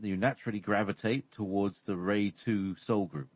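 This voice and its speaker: Male spiritual teacher, low voice, hesitant and meandering, dry close sound. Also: fairly even intonation, darkish tone, slightly rough, no room sound. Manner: hesitant, halting, many fillers. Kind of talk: explanatory conversation.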